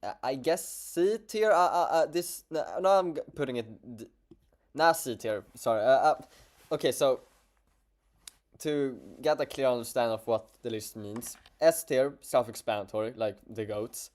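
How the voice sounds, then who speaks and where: A man with a Swedish accent chatting casually on a livestream as a streamer, halting and stammering with many restarts. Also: mid-range voice, darkish tone.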